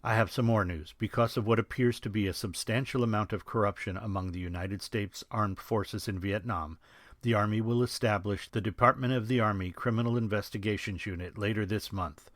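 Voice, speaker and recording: A man voicing a gruff, wisecracking older army sergeant who talks bluntly and with authority. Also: on the low side, brisk, fairly bright tone, dry recording, studio quality, lightly acted. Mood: gruff commanding.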